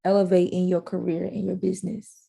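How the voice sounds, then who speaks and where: A woman's voice: lowish voice, flat delivery, brisk, creaky, dark tone, husky. A woman hosting a podcast in casual chat, easygoing and conversational. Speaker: podcast host.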